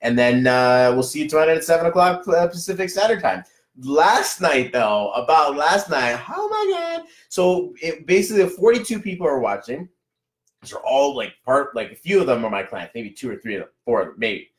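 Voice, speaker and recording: A man reading numerology on a casual live stream, chatty and excitable, greeting viewers by name. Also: fairly high pitch, moderate pace. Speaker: numerology reader. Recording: echoey room.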